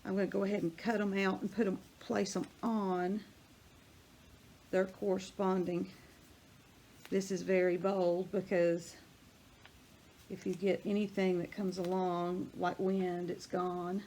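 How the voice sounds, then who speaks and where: An older woman with a drawl talks casually through a hands-on craft demonstration. She rambles and thinks out loud as she works, in a medium voice, with faint noise behind her. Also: mid-range voice, level tone, takes it slowly, pauses often. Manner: chatty, rambling, thinks aloud while working. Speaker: crafting vlogger.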